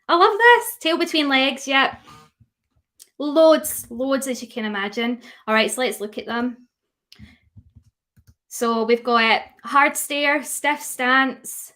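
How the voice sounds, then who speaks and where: A young woman leads a live webinar in a fairly high voice. She talks in a loose, chatty way, fires questions at her listeners and reads their answers back as they come in. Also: a bit bright. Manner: chatty, asks the audience questions, reads out chat replies. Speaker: dog grooming educator.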